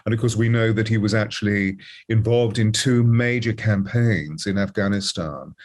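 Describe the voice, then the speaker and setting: A man with a fairly low voice offers commentary as a guest co-host. He talks expansively, winding through long sentences padded with ums and restarts. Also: moderate pace. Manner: expansive and meandering, with many fillers and restarts. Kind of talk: casual commentary.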